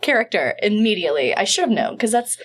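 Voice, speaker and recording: Lively, animated woman co-host. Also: mid-range voice, fast. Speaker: podcast co-host. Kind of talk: casual book chat.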